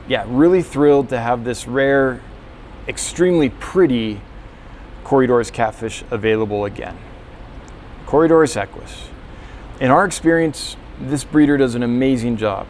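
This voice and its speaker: A man's voice: medium pitch, darkish tone, slight background noise. A man who runs a fish store, talking casually through a store tour, rambling a little with fillers and self-corrections.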